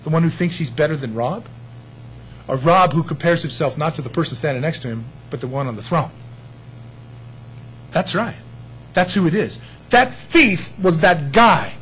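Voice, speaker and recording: A man preaching a sermon in an animated, conversational way, acting out short quotes. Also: fairly high pitch, a little fast, breathy edge, poor audio.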